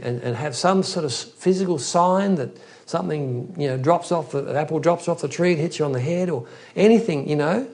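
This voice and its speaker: A man's voice: fairly high pitch, vocal fry, a little mellow. A man preaching an expository Bible teaching in an earnest, emphatic way, often restarting his phrases.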